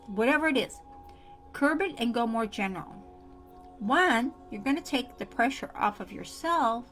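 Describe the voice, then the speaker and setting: A woman talks straight to camera in a casual motivational tutorial, earnest and repeating her points. Her voice sits a little high. Soft music plays faintly beneath her. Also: expressive, moderate pace. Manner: earnest, repetitive, speaks straight to the viewer. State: coughing fits. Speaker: self-help vlogger.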